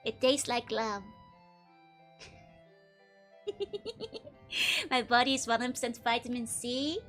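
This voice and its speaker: Young woman, high voice, giggly and teasing, casual stream chat, soft music behind. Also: sing-song, slow pace. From Netherlands. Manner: giggly, laughs constantly, playful teasing. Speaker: VTuber streamer. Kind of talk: casual live-stream chat reading viewer messages.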